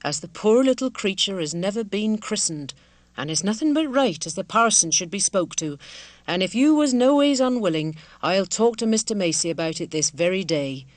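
A woman's voice: mid-range voice, expressive, normal speed, no room sound, natural voice. A woman voicing a kindly, devout village wife in an audiobook, speaking in a homely country dialect in an earnest, motherly way. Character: kindly rural village wife, middle-aged, simple and devout.

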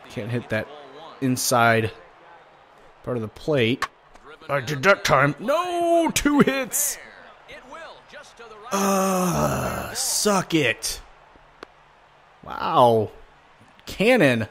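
Slow-talking man reacting to gameplay. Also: medium pitch. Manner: excitable, jokey, swings between muttering and loud outbursts. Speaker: gaming commentator. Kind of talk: casual gameplay commentary.

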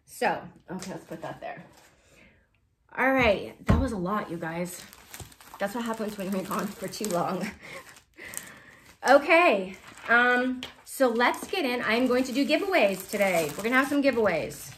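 A woman's voice: a little high, lively intonation, a little slow, a bit bright, a little hiss or hum. A woman in her thirties hosting a casual cross-stitch vlog, talking to her viewers in a chatty, rambling way with frequent laughs. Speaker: Flosstube cross-stitch vlogger.

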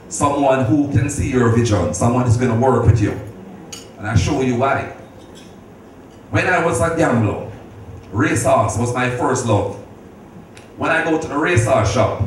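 A middle-aged man giving a heartfelt birthday speech, telling stories with laughter and a preacherly ring. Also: mid-range voice. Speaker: speaker at a birthday celebration. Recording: echoey hall from far off, noisy.

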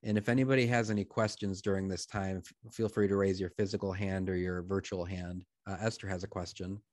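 A man who is a priest, hosting a live prayer program over a video call and answering participants in a gentle, affirming, reflective way. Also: low voice, flat delivery, fairly quick, no room sound, clean studio sound. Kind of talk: pastoral conversation.

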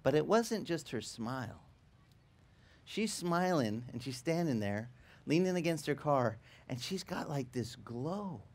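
A male pastor telling a lively story in a sermon, acting out the people in it and laughing as he goes. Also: on the high side, measured pace. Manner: animated, acts out quoted voices, laughs while telling. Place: church in Hawaii.

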